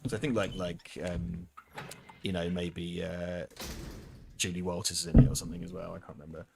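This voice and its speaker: A British man co-hosting a game stream, chatting casually in a sweary, rambling, animated way. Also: sits low, a little fast, vocal fry, very noisy. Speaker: streamer co-host. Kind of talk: casual chat.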